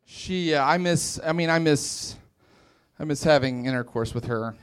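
A young West Virginian does a stand-up set at a comedy club, poking fun at himself with lively energy and exaggerated voices. His smooth voice runs on the high side at normal speed.

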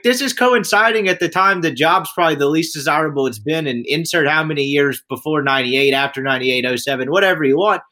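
A man co-hosting a sports podcast, chatting casually and lively and firing off pointed questions. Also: high-pitched. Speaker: podcast co-host.

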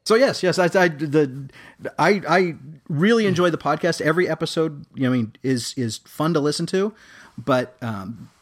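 A man chatting casually as a podcast panelist, halting often with fillers and soft chuckles. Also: fairly high pitch. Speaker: guest panelist. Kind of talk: casual chat.

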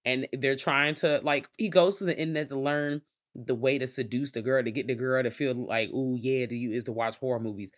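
A man's voice: mid-range voice, fairly even intonation, a little fast. A man with a Southern US accent co-hosting a casual movie review podcast, talking in a laid-back, profane, reflective way. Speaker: podcast co-host.

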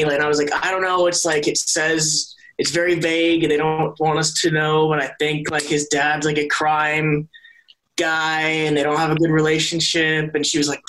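As an interview guest, a young soap actor tells meandering stories, often restarting, correcting himself and laughing. His voice is fairly high and fairly bright, delivered completely flat at normal speed. The recording is rough.

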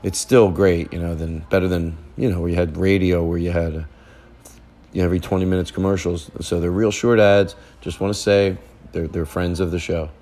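A man's voice: deep voice, steady tone, a little fast, warm tone. A man hosting a podcast from a family living room, telling a rambling, joking story in casual chat. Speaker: podcast host.

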